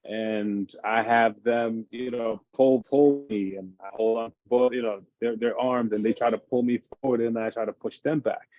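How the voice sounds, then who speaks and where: A man, a fitness expert on a parenting panel, explaining exercise routines in an animated, casual way. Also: mid-range voice, normal speed, hardly any pauses, dry recording, muffled recording. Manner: animated, explains by acting out his kids' games.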